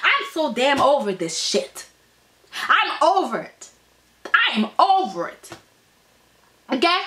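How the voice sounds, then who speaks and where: A woman's voice: high-pitched, big pitch swings, slow, pushed and bright, full character voice. A woman doing a furious old patriarch. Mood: angry. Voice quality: blunt, cursing, ranting. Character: furious aging patriarch, hurt and scolding.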